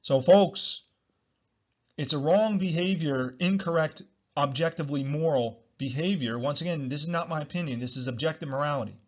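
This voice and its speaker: A man's voice: on the high side, moderate pace. Blunt, swearing man, lo-fi. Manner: blunt, repetitive, swears freely. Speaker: podcast host. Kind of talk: solo podcast monologue.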